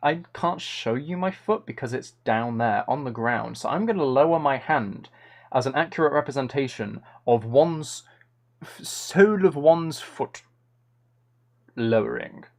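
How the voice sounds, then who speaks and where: A man's voice: medium pitch, lively intonation, unhurried. A man chatting casually on a live stream, answering chat in a playful, rambling, mock-dramatic way.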